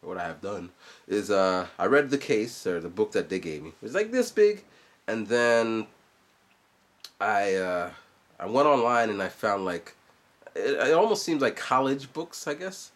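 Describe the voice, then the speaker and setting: A man in his forties talks casually to his viewers in a loose, rambling way, drifting into asides. His voice sits fairly low but swings up and down a lot. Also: very animated, measured pace. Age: 40s. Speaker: vlogger and musician. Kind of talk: casual vlog chat.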